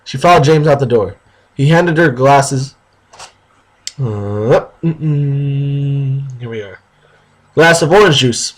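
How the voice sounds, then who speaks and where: A man reading a story aloud for a video, stumbling over words and breaking off for sarcastic comments. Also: medium pitch. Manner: halting reading, sarcastic asides.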